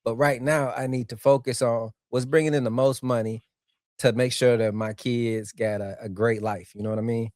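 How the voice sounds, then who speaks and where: A middle-aged man co-hosting a podcast, reflecting in a measured, storytelling way. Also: medium pitch, steady tone, a little mellow, no room sound, studio quality. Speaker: podcast co-host. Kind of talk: casual podcast chat.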